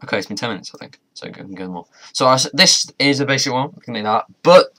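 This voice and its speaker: A young man talks fast in a pushed, bright, medium-pitched voice with lively intonation while playing a modded game. He chats and mutters to himself with mild swearing, and faint keyboard and mouse clicks sit in the background.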